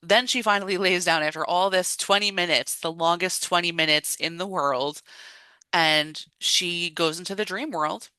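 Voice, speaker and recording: A woman's voice: fairly low pitch, normal speed, clear, resonant tone, no echo. A woman co-hosting a podcast in casual chat, recapping a film with acted-out quotes and frequent laughs. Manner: animated retelling with acted-out quotes. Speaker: podcast co-host.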